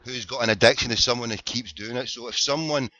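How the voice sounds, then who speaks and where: A man's voice: mid-range voice, fast talker, muffled recording, crowd noise. A Scottish man calling in to a radio show, hurling insults and repeating taunts. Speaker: caller. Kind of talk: heated phone-in argument.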